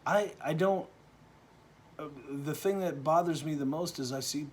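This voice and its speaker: A man from Texas, giving an opinion monologue that is full of restarts and swings between quiet, low stretches and loud, animated bursts. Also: breathy edge. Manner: halting, with frequent restarts and repeated words. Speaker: vlogger.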